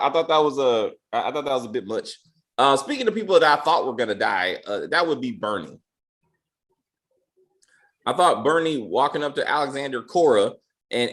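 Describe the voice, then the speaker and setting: A man's voice: medium pitch, fairly bright tone. A man hosting a casual review chat, joking and using loose slang. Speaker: podcast host reviewing a TV episode.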